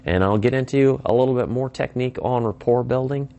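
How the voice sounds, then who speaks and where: A man's voice: medium pitch, a little fast, vocal fry, warm tone, dull audio. A man giving an instructional talk on phone sales, emphatic and acting out sample call lines. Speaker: sales trainer.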